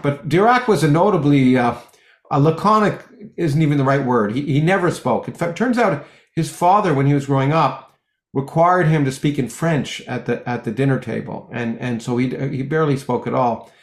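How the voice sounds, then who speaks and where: A middle-aged man, a physicist guest in an interview, talking in long rambling stretches full of restarts and lively anecdotes. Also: medium pitch, normal speed, reverberant. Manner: rambling with many restarts, animated when telling jokes. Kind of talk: conversational interview, anecdotal storytelling.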